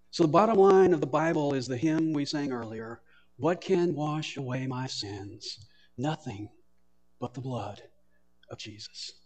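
A man's voice: fairly high pitch, darkish tone, big-room sound. A man preaching a sermon as pastor, emphatic, repeating phrases for weight.

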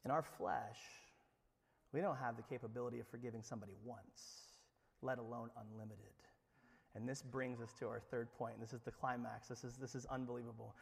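A male pastor preaching a sermon, dropping to a hush and then rising loud as he acts out the voices of the story. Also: medium pitch, fairly quick, vocal fry, breathy edge, big-room sound. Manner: animated preaching, swings from hushed to loud, acts out biblical voices.

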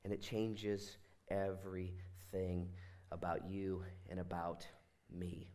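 A man in his thirties, a pastor preaching a sermon in a church, animated, swinging between loud exclamations and hushed asides. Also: low-pitched, slow pace. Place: church sanctuary.

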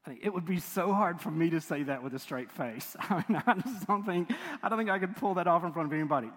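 A man's voice: on the high side, fast talker, a bit bright. A man preaching a sermon as pastor, chatty, laughing often and breaking off mid-sentence. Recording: long reverb of a large hall.

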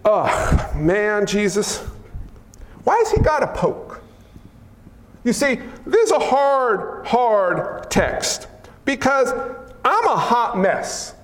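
A man preaching a sermon in an animated, joking way, acting out what people say. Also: very high-pitched, slow. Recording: echoey hall.

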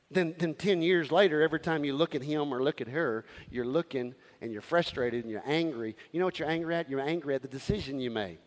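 Man, pastor, preaching sermon, high voice, call-and-response, long hall reverb. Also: fairly quick, hardly any pauses. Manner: call-and-response preaching, swinging from loud to hushed.

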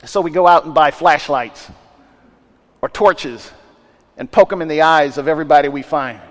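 A man's voice: on the high side, normal speed. A male pastor preaching a sermon in a conversational way, asking rhetorical questions and restarting his sentences often. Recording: long reverb of a large hall.

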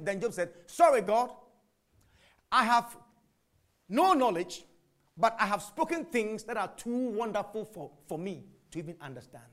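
A man preaching a sermon, asking and answering his own questions, jumping from shouts to whispers. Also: sits high. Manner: animated, swings from shouts to whispers.

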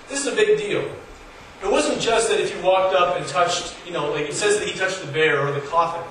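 An earnest preacher with a fairly high voice talks to his congregation in a plain, conversational way. His voice rises on the points he stresses. He sounds far from the mic, with a strong echo of a large room and a faint hum behind him. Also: a little fast, a bit bright. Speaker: pastor. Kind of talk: sermon. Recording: echoey hall from far off, faint noise.

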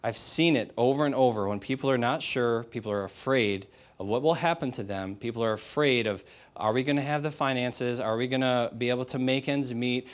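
Male pastor, sermon, blunt and emphatic, rhetorical questions, middle-pitched voice. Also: brisk.

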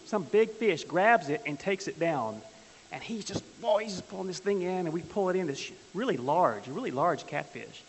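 A man leads a church Bible class in a folksy, joking way, stopping to ask his listeners questions. His voice sits a little high. The recording carries a long hall reverb and a faint hiss. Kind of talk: church teaching with stories.

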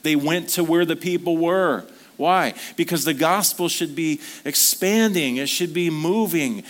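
A man preaching a sermon at a church service, speaking earnestly in a conversational storytelling manner. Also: on the high side. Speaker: pastor.

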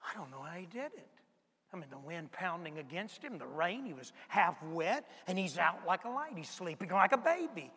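A blunt, hot-tempered fisherman apostle, played by a preacher tells his story in a high, bright voice. He lurches from loud outbursts to hushed whispers. A long reverb trails each line. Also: sing-song, moderate pace, slightly rough, full character voice. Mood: agitated.

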